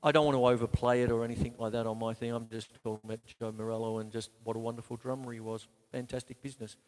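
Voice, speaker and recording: Speaking rapid-fire in a mid-range, slightly mellow voice with little pitch movement, an Australian man hosts a live drum lesson from his home studio with a drum kit. The audio has a big-room sound, and he chats, pokes fun at himself, and counts beats out loud between explanations.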